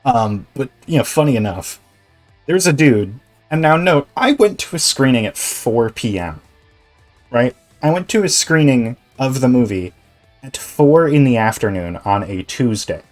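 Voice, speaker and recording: Rambling, animated male streamer. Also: medium pitch, a little slow, faint music behind. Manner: rambling, animated, swears freely. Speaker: Twitch streamer. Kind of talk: casual chat while gaming.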